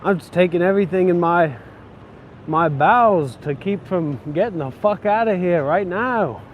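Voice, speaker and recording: A man's voice: high-pitched, moderate pace, highs cut off, a little hiss or hum. A man vlogging while walking city streets, ranting in a frustrated, profane way. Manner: frustrated, swearing, grumbling.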